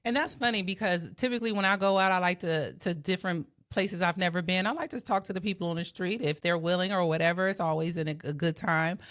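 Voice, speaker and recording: A woman's voice: fairly low pitch, fast, few pauses, fairly bright tone. A woman hosting a reaction video, chatting conversationally and speaking straight to her viewers. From Washington DC area. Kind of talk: casual reaction commentary.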